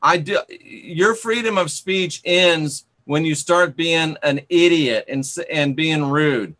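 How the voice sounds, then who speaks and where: A man hosting a live chat stream, sarcastic and scolding, who reads out comments and bans rude viewers. His voice sits a bit high and comes across bright and forceful. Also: slow pace. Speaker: channel host.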